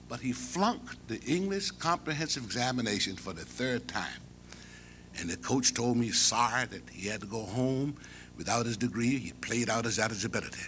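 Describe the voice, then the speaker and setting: An older man giving a humorous storytelling speech at an academic convocation, folksy and animated, chuckling as he goes. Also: mid-range voice, moderate pace, a little hiss or hum. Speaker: convocation speaker.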